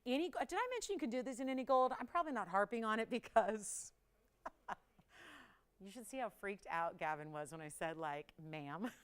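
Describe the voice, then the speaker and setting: A woman's voice: fairly high pitch, lively intonation, brisk, clear, resonant tone. A woman hosting a live on-air jewelry shopping show, chatty and playful, laughing often and teasing the crew. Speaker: shopping channel host.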